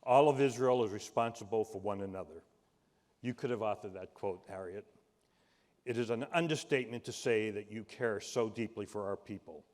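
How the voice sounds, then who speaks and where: Man with Boston accent speaking in a big hall. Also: lowish voice. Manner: measured, warm, fumbles when improvising. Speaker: presenter at a gala tribute. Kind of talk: prepared tribute speech. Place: large event hall. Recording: reverberant hall.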